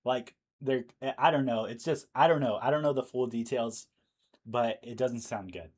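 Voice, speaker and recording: A man's voice: medium pitch, normal speed, a little mellow, husky. A man hosting a live news stream, talking casually and thinking aloud with fillers, and losing his voice. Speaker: livestream news host.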